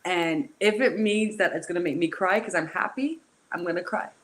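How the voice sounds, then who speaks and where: A woman's voice: lowish voice, moderate pace. Candid, emotional woman hosting a talk. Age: adult, a mother. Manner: emotional and candid, talks in bursts with restarts. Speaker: host. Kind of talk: candid group discussion.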